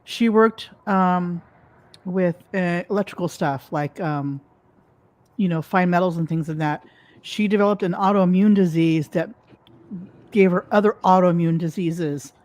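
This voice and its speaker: A woman's voice: on the low side, a little mellow, no echo. Woman, chatty guest, casual chat, dry close sound. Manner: chatty, quick backchannel replies. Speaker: stream guest.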